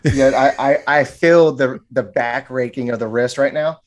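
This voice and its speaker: A man's voice: mid-range voice, a little slow. A man who teaches martial arts, talking as a podcast guest in a loose, joking, rambling way with many restarts. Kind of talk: casual interview talk.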